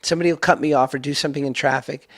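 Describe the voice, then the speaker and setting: A man's voice: fairly high pitch, fairly even intonation, rapid-fire, fairly bright tone. A man from New York hosting a casual podcast chat, self-deprecating and joking.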